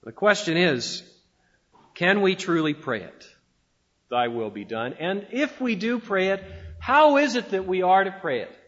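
A pastor preaching a sermon with emphatic delivery and dramatic pauses. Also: male voice, high voice, very animated, a bit bright, lo-fi sound.

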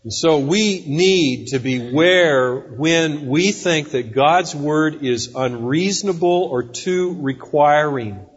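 Husky-voiced man preaching in a reverberant hall. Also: on the high side. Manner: deliberate, emphatic preaching with acted-out quotes. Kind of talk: sermon. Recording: dull audio with long reverb in a hall.

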